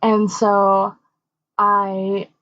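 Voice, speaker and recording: A young woman co-hosting a podcast, telling a story casually and acting out the quoted voices with big jumps in pitch. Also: completely flat delivery, drawn-out words, fairly bright tone, a little hiss or hum. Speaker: podcast co-host. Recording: dull, dry lo-fi mic.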